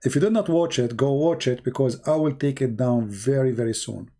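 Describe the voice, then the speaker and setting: Sarcastic man with dark voice. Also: medium pitch, a little fast. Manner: sarcastic, non-native grammar, shifts between loud and quiet. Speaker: online commentator. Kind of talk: mocking commentary.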